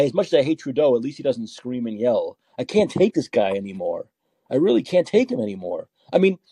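A man's voice: a little high, dark tone, husky, no echo. An older man hosting a political call-in podcast, talking in a sarcastic, exasperated way and repeating himself for emphasis. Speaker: podcast host.

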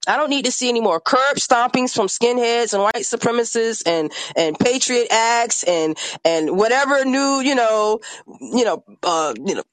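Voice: medium pitch, expressive, moderate pace, fairly bright tone, no echo. An independent artist and activist speaking on a podcast, angry and emphatic, swearing often. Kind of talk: impassioned podcast conversation.

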